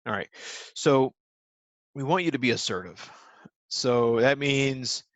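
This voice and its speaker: A man's voice: mid-range voice, slow pace, fairly bright tone, dry recording, rough recording. A man teaching a recorded lesson to young children, patient and simple in his wording, with many ums.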